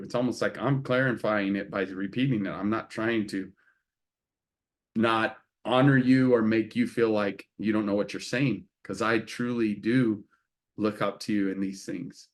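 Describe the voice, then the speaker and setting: A man's voice: on the low side, fairly even intonation, normal speed. A middle-aged man co-hosting a casual talk show, speaking earnestly and confessionally, often acting out remembered conversations. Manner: earnest, confessional, acts out quoted exchanges. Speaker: co-host. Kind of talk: casual chat.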